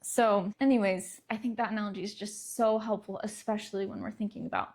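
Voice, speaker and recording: A woman's voice: medium pitch, fairly even intonation, brisk, a little mellow. A young adult woman hosting a parenting podcast, talking casually and laughing lightly between words. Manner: conversational, laughs lightly mid-sentence. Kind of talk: casual solo talk.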